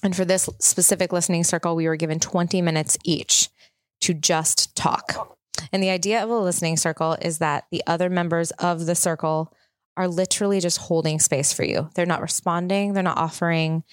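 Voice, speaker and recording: A woman's voice: on the low side, steady tone, fairly quick, no echo, clean studio sound. A woman in her thirties hosting a podcast, telling a personal story in a chatty, open, reflective way. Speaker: podcast host. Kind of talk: casual chat.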